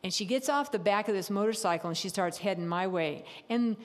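A woman's voice: medium pitch, fairly quick. Woman telling a church story, reverberant hall. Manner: animated storytelling with laughs and acted-out inner voices. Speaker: speaker at a church service. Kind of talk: sermon with personal story.

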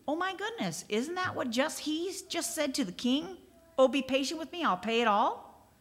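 A woman preaching a sermon in a lively, chatty way, reading scripture and exclaiming as she goes. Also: a little high.

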